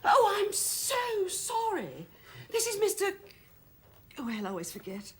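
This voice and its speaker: A woman's voice: mid-range voice, sing-song, brisk, slight background noise, lightly acted. An actress playing a brash, tipsy society woman in a period television drama, gushing in affected upper-class chatter.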